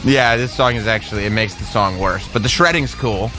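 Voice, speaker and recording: A man's voice: fairly low pitch, a little fast, over music. A man co-hosting a radio show, chatting casually and joking with a light laugh.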